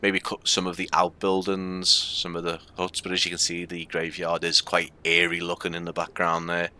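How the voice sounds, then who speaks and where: Low flat Scouse man, bright crisp voice. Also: moderate pace. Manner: casual and rambling, with many fillers. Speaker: streamer. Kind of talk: live gameplay commentary.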